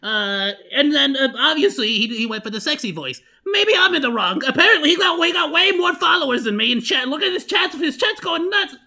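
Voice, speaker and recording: A man hosting a casual reaction stream, loud and rambling with many restarts. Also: very high voice, animated, brisk, hardly any pauses. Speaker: vtuber host.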